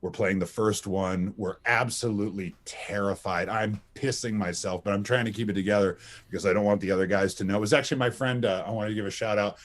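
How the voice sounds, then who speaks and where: A man in his thirties, a voice actor being interviewed, who tells anecdotes in a lively, laughing, casual way. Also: fairly low pitch, fast, few pauses. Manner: animated, anecdotal, laughs often, many restarts. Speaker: voice actor guest.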